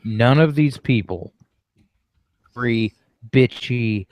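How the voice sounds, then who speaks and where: A man's voice: mid-range voice, very slow, a little mellow, dry recording. A man in casual livestream chat, throwing in sarcastic, crude one-liners.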